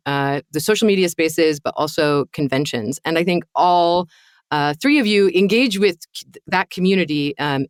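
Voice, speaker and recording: A woman's voice: deep voice, dry recording, clean studio sound. A woman hosting a podcast roundtable, talking conversationally and steering the discussion with questions. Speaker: podcast host.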